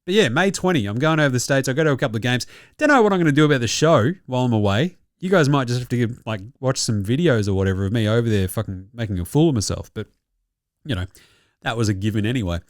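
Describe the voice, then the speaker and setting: A man's voice: mid-range voice, expressive, quick pace, no room sound, studio quality. A man with an Australian accent hosting a basketball podcast, delivering a profane, mocking comic rant and laughing at his own jokes. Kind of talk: sweary comic sports rant.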